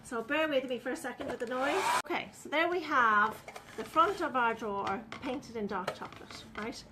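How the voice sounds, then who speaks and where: A woman's voice: sits high, moderate pace, background noise. A woman, chatting through a live furniture painting demonstration and talking to viewers as she works. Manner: chatty, talks viewers through each step.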